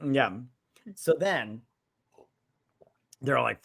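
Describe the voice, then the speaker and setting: A man co-hosting a casual movie review podcast retells scenes, quoting the characters in mock voices. He has a mid-range, somewhat bright voice with vocal fry and a measured pace. It's studio-quality audio with no room sound.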